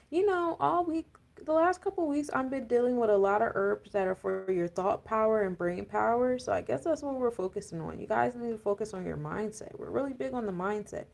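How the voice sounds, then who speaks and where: A woman's voice: medium pitch, vocal fry, darkish tone. A woman giving a casual, rambling astrology and tarot talk, full of fillers and laughing rants. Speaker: spiritual coach and tarot reader.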